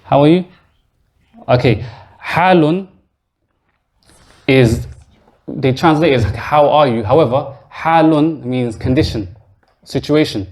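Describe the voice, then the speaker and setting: An Arabic teacher gives a grammar lesson in a mosque, explaining patiently one step at a time and testing his students with questions. He speaks slowly with frequent pauses, in a slightly mellow voice on the high side.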